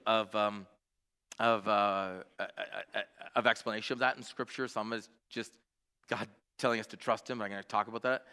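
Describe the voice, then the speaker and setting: A man's voice: lowish voice, pushed and bright, long reverb tail. A man in his forties preaching a sermon, telling family stories earnestly with frequent fillers and restarts. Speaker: pastor. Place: church.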